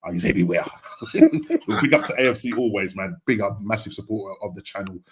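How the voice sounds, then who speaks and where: A man's voice: on the low side, a little fast, background noise. A man hosting a casual football podcast live stream, upbeat and chatty, repeating phrases and often laughing. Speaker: podcast host.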